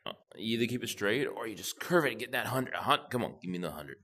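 Deep-voiced, swearing gamer man. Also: fast. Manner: profane, excitable, talks to himself while playing. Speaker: gamer channel host. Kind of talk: gameplay commentary.

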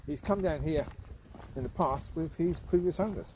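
A middle-aged man chatting casually while walking his dog outdoors, now and then calling out loudly to it. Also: on the high side, normal speed, noisy background. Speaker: dog owner vlogger. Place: outdoors on a rural walk.

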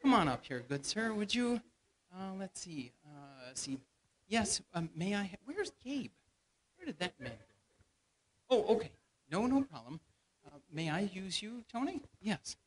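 With a high, sing-song voice, the elder speaks a little slowly and leaves long pauses. Before the congregation in a church hall, he playfully directs volunteers in a staged skit, feeding them lines as part of a Bible lesson.

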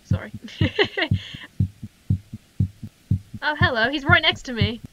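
A young woman giving profane, jokey commentary while playing a horror game, reacting loudly. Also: high-pitched, animated, slow, muffled recording. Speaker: gaming channel host. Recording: humming noisy home recording.

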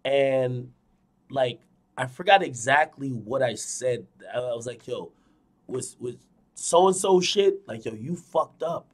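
A young man streaming, telling a dream to his viewers in a casual, animated way, swinging from loud to hushed, repeating phrases and swearing a lot. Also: medium pitch, slow pace. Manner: frequent fillers and profanity. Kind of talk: casual storytelling to a live audience.

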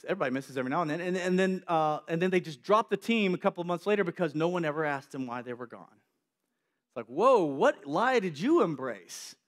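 A man preaching a sermon to young people, animated and acting out the voices in the story. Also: on the high side, fast talker.

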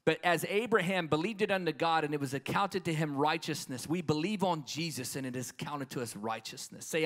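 A man preaching a live conference sermon, swinging passionately between hushed tones and booming declarations. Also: expressive, normal speed. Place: conference stage before a crowd.

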